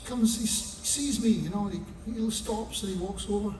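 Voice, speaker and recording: A man's voice: sits high, normal speed, darkish tone, a little hiss or hum. An older man, a singer-songwriter, telling wry, chatty stories onstage between songs and swearing now and then. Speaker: singer-songwriter performing solo. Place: theatre stage before an audience. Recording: echoey theatre, mic heard from a distance. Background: audience ambience.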